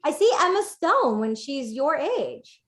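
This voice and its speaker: A woman's voice: high voice, very animated, unhurried, a bit bright. A woman guest on a podcast, a life coach, chatting casually in an upbeat, rambling way. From United States. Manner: rambling, upbeat, many fillers. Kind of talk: casual interview chat.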